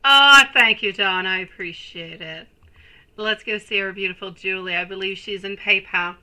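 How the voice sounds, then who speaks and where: A woman hosting a live tarot reading stream, speaking slowly and affectionately to her viewers. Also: medium pitch, sharp tone, rough recording. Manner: slow, soothing, affectionate toward viewers.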